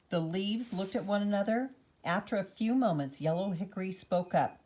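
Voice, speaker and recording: A woman reading a children's storybook aloud in an expressive, animated way. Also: mid-range voice, moderate pace. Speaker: children's book reader.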